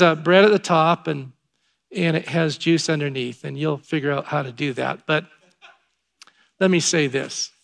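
A man preaching as a pastor, telling a story in a conversational way that rises to excited emphasis. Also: a little high, gravelly. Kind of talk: sermon.

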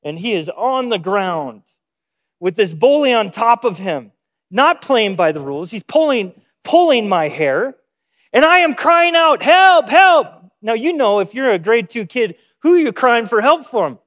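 With a high, very animated voice at normal speed, a pastor starts preaching with a storytelling anecdote, voicing the people in it as he quotes them.

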